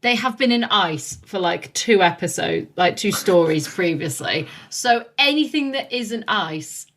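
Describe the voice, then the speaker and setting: A woman's voice: mid-range voice, lively intonation, measured pace, a bit bright. A woman co-hosting a podcast, teasing and playful in casual chat. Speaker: podcast co-host.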